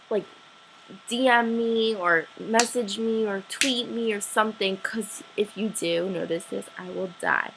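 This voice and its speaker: A teenage girl telling an excited story to her camera, gushing and breathless, full of "like" fillers. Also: medium pitch, a little hiss or hum, low-quality recording. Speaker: vlogger.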